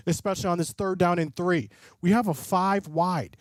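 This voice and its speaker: A man doing live play-by-play commentary and reaction as a streamer host, excitable and often breaking into loud hype. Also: high-pitched, moderate pace, no room sound, clean studio sound. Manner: excitable, swings into loud bursts of call-style hype. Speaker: livestream host and sports fan.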